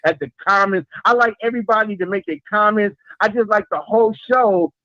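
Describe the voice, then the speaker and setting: A man's voice: high-pitched, fairly quick, sharp tone, no echo. A man calling in to a live show, talking in an earnest, rambling way and repeating himself as he praises the host. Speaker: caller. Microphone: phone call. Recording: muffled phone-in line.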